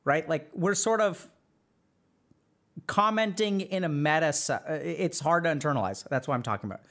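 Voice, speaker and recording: A man's voice: a little high, normal speed, fairly bright tone. A man hosting a podcast, giving casual advice to a live chat, acting out imagined inner voices and often asking "right?". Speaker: podcast host, psychiatrist.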